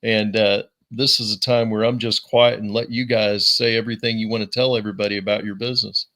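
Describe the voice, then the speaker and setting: Bright-voiced man hosting a podcast. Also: lowish voice, flat delivery, a little fast. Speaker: podcast host. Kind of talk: casual podcast chat.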